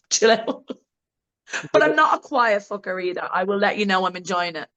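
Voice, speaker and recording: A woman, an adult film actress, being interviewed in a candid casual chat, talking bluntly, laughing often and mimicking voices with big pitch jumps. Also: animated, moderate pace, fairly bright tone, dull audio.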